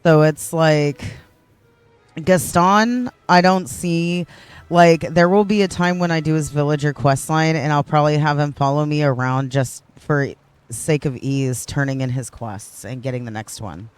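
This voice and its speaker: A man's voice: a little high, a little slow, smooth, soft background music. Chatty man streaming a game. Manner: rambling, chatty, self-correcting. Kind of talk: casual gameplay livestream chat.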